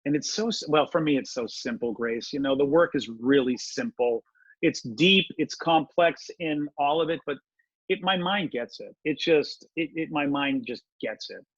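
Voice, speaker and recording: Middle-aged guy rambling thru a story, husky voice, dull dry lo-fi sound. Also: on the high side, no echo. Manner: rambling storyteller, halting restarts. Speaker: podcast guest. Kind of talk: casual conversation.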